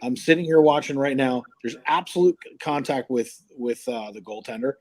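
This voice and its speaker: Brief: male sports-show host, animated, incredulous, conversational delivery. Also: medium pitch, moderate pace. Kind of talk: casual sports chat.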